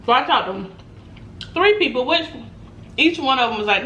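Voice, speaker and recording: A woman tells a story in a relaxed vlog chat, animated and quick to laugh. Her voice sits a little high. The room gives it a roomy echo with faint noise behind. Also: muffled recording. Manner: animated, laughs often, acts out quotes. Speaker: mukbang vlogger.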